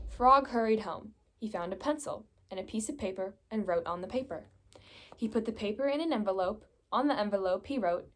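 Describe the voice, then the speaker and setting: A young woman reading a children's picture book aloud, telling the story in a steady, gentle way. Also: mid-range voice, a little fast. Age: young adult. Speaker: reader.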